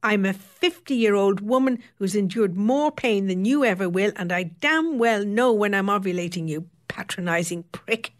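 A woman's voice: mid-range voice, animated, a little slow. A woman voicing a beautician in her fifties who speaks in a tart, sweetly cutting way. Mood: furious.

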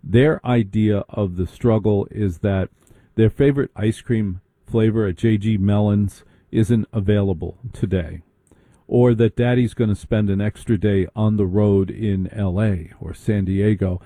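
A man's voice: on the low side, steady tone, measured pace, dark tone, no echo, clean studio sound. A man telling a long comic story with a mocking tone, slipping into put-on voices of the people he mocks.

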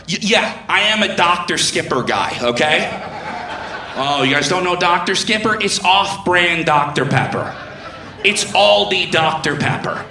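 A man doing a stand-up comedy set who teases the audience and apologizes in quick bursts. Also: high voice, lively intonation, pushed and bright, reverberant. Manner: teasing the crowd, quick apologies.

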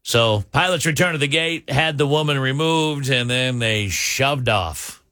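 A male radio host telling a funny news story with animated asides to his listeners. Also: medium pitch, unhurried, dry recording, clean studio sound. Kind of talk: comedic radio news banter.

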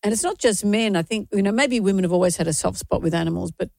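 A woman in her sixties co-hosting a radio show, talking with halting restarts while grieving. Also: mid-range voice, vocal fry, darkish tone, no echo, studio quality. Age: 60s. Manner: emotional, halting, frequent restarts. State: grieving, tearful. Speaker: radio co-host. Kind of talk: casual on-air chat.

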